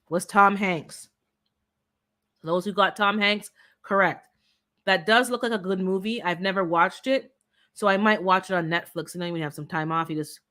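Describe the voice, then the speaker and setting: A woman's voice: on the low side, sharp tone. A woman hosting a casual live-stream holiday trivia game, chatty and playful, teasing her viewers. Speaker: livestream host running holiday trivia.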